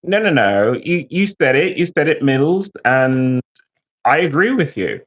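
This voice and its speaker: A man talks straight to his live-stream chat, cursing freely as he tells his story. His voice sits a little high and swings widely up and down. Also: measured pace. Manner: profane, animated storytelling. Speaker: livestreamer and military veteran.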